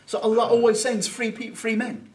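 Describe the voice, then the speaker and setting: A man giving an informal Islamic Sunday talk, conversational and thinking out loud, with Arabic phrases mixed in. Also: very high voice, fairly even intonation, normal speed, far from the mic. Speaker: Islamic teacher. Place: Islamic centre hall.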